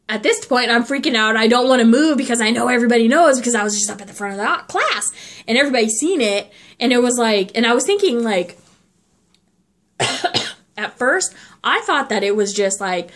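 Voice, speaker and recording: A woman's voice: fairly high pitch, normal speed. Chatty young woman, coughing often. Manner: chatty, lots of filler "like". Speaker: vlogger. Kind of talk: casual storytime.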